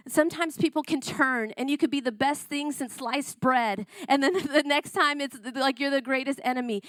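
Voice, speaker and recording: Woman preacher, high voice, emotional testimony, conversational, repetitive phrasing, dry close sound. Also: a bit bright, no room sound. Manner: emotional, conversational, repeats herself. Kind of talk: personal testimony sermon.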